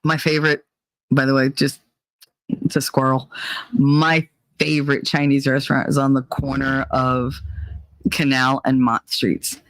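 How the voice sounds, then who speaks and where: A woman's voice: very deep voice, little pitch movement, unhurried, pauses often, no echo. A woman hosting a casual chat show, telling stories in a blunt, profane way. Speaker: host.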